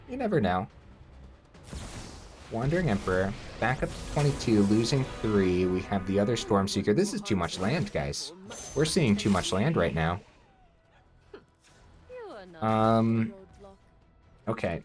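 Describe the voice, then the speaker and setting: A man giving casual gameplay commentary, thinking aloud and breaking into excited outbursts. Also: lowish voice, unhurried, pauses often, soft background music.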